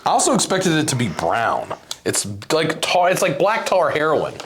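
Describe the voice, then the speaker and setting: Man, casual snack-tasting host, joking, exaggerated complaints, lively swooping pitch, faint background hiss. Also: moderate pace.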